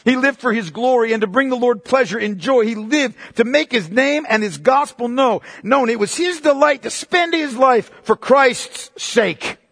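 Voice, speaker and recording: A pastor preaches a sermon in an expressive, gravelly voice, recorded in studio quality with no room sound. He's emphatic and searching, rising to forceful preaching and then dropping low and slow, calling listeners "beloved" and pressing them with pointed questions.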